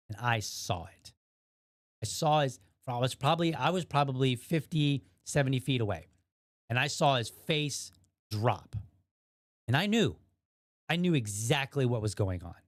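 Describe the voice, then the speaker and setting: A man in his thirties tells a story on his podcast in a mid-pitched voice. His telling is animated and rambling, with restarts and acted-out quotes. The sound is close and dry, with no room echo. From USA. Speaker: podcast host. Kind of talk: casual storytelling monologue.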